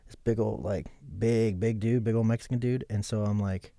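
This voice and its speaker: A man's voice: fairly low pitch, normal speed, vocal fry, no echo, studio quality. A man in his thirties, a podcast guest, telling a rambling story in casual chat, swearing a lot and acting out what people said. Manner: animated, swearing, acts out quoted lines.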